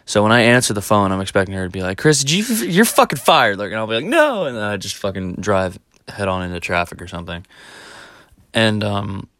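Casual vlogger, male, low voice, rambling profane storyteller, laughs as he talks, dry close sound. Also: steady tone, fast, a bit bright, clean tone, no room sound.

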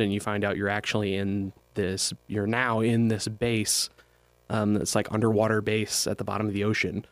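A man's voice: lowish voice, no echo. A young man co-hosting a casual chat, explaining things at length with hesitations. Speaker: podcast co-host.

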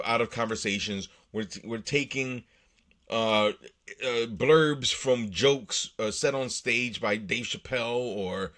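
An American man hosting his own podcast delivers a casual solo monologue, rambling and profane with many restarts and fillers. His voice is mid-range and a bit bright.

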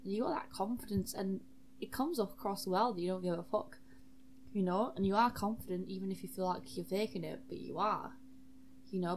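A woman's voice: mid-range voice, darkish tone, slight background noise, pitched below the performer's own voice, lightly acted. A woman voicing a brash, crude male knight who swears freely and talks bluntly and offhand.

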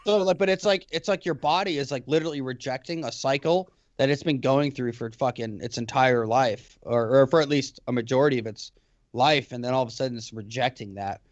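A man co-hosting a podcast in casual chat, swearing often and talking in animated, talkative runs. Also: medium pitch, a little fast, no room sound, muffled recording. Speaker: podcast co-host. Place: lives in Alabama.

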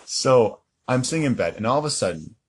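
A man's voice: mid-range voice, expressive, brisk, breathy edge. A young man co-hosting a podcast, telling a rambling story in casual chat, often laughing and correcting himself. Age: young adult. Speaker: podcast co-host.

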